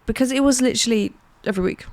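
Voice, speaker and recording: A British woman co-hosts a podcast, telling a true crime story in casual chat while laughing often and swearing freely. Her voice is on the high side, racing along with a slightly mellow tone.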